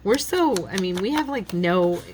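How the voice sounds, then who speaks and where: A woman's voice: medium pitch, animated, a little slow, background noise. A middle-aged woman hosting a craft channel, chatting casually and thinking aloud as she works, often laughing. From United States.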